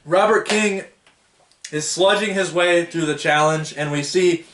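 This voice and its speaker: A man's voice: a little high, a little slow, a bit bright, echoey room. A man giving a casual, rambling book review, stumbling over foreign names and laughing at himself.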